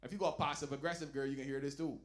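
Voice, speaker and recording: A man performing a stand-up comedy set, telling loud, animated stories and dropping into low asides. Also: very fast. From Barbados. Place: lounge comedy night.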